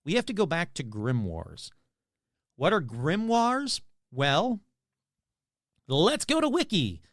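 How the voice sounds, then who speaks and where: Animated, chatty male podcast host. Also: on the high side, takes it slowly, no room sound, clean studio sound. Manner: chatty, rambling, self-deprecating. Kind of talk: casual podcast monologue.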